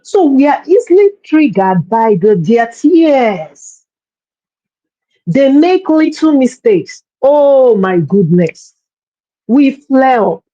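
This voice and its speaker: A woman's voice: sits high, very animated, takes it slowly, dark tone, no echo, dull audio. A woman coaching parents in a workshop talk, speaking earnestly and often repeating words as she searches for her phrasing.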